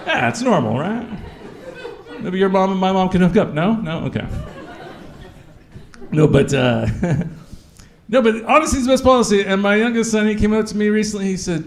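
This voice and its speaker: A man's voice: high-pitched, moderate pace, long pauses, crowd noise, background noise. A middle-aged man doing a stand-up set in a comedy club, telling crude stories and acting out the dialogue. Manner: crude, animated storytelling, acts out dialogue.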